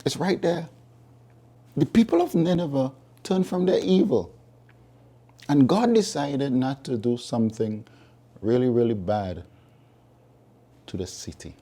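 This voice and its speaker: Male preacher with a mellow, husky voice, emphatic, repeats points for weight. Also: mid-range voice, expressive, a little slow, long pauses. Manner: emphatic, repeats key phrases, reasons with listeners. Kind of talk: sermon.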